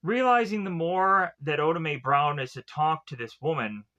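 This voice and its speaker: A man's voice: fairly high pitch, normal speed, pushed and bright, dull audio. A man giving a casual spoken film review, retelling the plot in a rambling way with lots of fillers and restarts.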